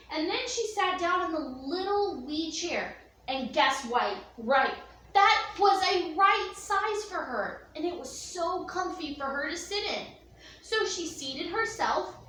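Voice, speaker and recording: A woman telling a children's story to young listeners in an expressive, slow storytelling manner, recorded in an echoey room from a distance. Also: slight background noise. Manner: expressive, slow, with gasps and sweeping pitch. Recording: echoey room, distant mic, faint ambience.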